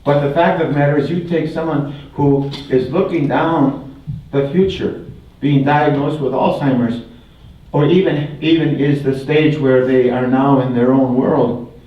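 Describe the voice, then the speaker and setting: A man's voice: mid-range voice, fairly even intonation, measured pace. Older man, folksy guest speaker, distant and very echoey hall recording, dull sound. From Wisconsin, US. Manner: folksy, repeats phrases, jokes with an audience. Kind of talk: public talk with humor. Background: audience laughter.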